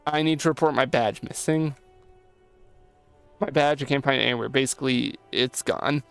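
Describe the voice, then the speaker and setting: A man's voice: mid-range voice, moderate pace, vocal fry, clean tone, soft background music. A male streamer reading game dialogue aloud, with blunt, profane joking asides.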